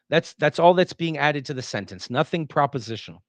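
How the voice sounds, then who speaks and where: A man's voice: medium pitch, animated, normal speed, hardly any pauses, no room sound. A man lecturing on a text, explaining it and checking in with rhetorical questions. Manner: acts out example sentences in changing tones. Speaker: philosophy lecturer.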